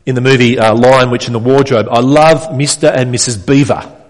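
A man's voice: mid-range voice, fairly even intonation, brisk. Earnest male pastor preaching in a church hall. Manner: earnest, asks the congregation rhetorical questions. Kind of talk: sermon.

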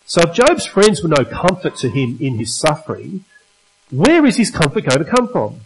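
A man's voice: fairly high pitch, sing-song, moderate pace, poor audio. A man preaching a sermon at a church service, emphatic and putting rhetorical questions to the congregation.

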